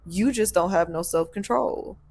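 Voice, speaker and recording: Gravelly-voiced blunt woman host. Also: fairly low pitch, moderate pace, a little mellow, a little hiss or hum. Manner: blunt, preachy, laughs often. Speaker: podcast host and spiritual practitioner. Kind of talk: casual chat.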